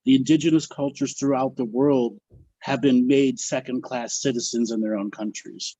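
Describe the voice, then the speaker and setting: A man's voice: medium pitch, steady tone, normal speed, warm tone, dry recording. A man co-hosting a comedy chat over a video call, making blunt, matter-of-fact remarks. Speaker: comedy show co-host. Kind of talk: casual chat. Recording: dull lo-fi call audio.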